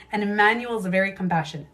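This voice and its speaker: A woman's voice: mid-range voice, normal speed. A woman hosting a casual livestream who talks emphatically, repeats her phrases and swears freely. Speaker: livestream host and beauty coach. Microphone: livestream camera mic.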